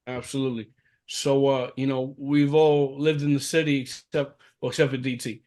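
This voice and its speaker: A man's voice: mid-range voice, flat delivery, normal speed, dark tone. A man co-hosting a casual podcast, laid-back and laughing, with many fillers. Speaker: podcast co-host.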